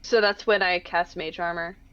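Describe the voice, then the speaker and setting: A woman playing in a tabletop game, chatting in an excitable, jokey way. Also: lowish voice, normal speed, smooth, highs cut off. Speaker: player. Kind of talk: casual chat at a tabletop game.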